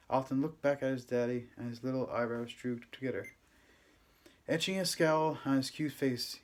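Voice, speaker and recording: Narrating an audiobook, a male reader takes on a first-person novel in a mid-range voice. He keeps the telling unhurried, gentle and even.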